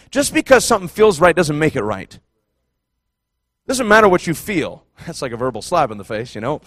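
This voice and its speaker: A man preaching a fervent sermon, emphatic and impassioned, repeating phrases and surging to near-shouts. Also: high-pitched, no room sound, clean studio sound.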